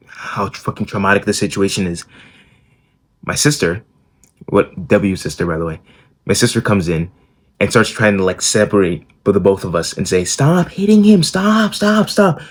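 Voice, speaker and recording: A young man telling a personal story in a blunt, casual vlog, swearing freely. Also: deep voice. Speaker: self-improvement YouTuber.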